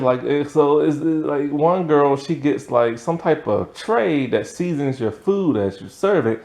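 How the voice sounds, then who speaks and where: A man casually recapping a TV episode, telling it in an animated way with lots of "like" and "um" and frequent laughter. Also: fairly high pitch, normal speed. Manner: animated storytelling, lots of fillers, laughs often. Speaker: TV episode reviewer.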